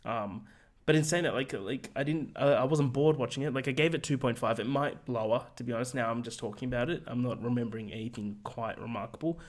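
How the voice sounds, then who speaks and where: A man co-hosting a podcast, giving a casual, rambling film review with many fillers and restarts in a monotone voice. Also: medium pitch, fast talker. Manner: calls his voice monotone. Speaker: podcast co-host.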